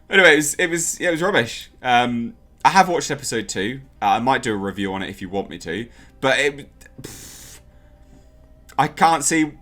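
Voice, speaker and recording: A man's voice: medium pitch, fairly bright tone. A man reviewing a TV episode in a casual, sarcastic and exasperated rant.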